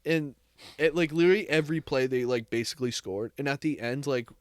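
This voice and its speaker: Young man, New England accent, podcast host, rambling, swears a lot, mid pitch, dry close sound. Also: a little fast, no echo. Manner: rambling, heavy swearing, lots of "like". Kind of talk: casual storytelling chat.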